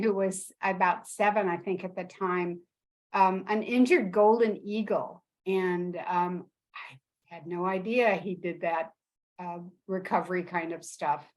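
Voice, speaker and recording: Woman, slow pace, reminiscing, restarts sentences, video call. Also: medium pitch. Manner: unhurried, with repeated restarts. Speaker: memorial speaker.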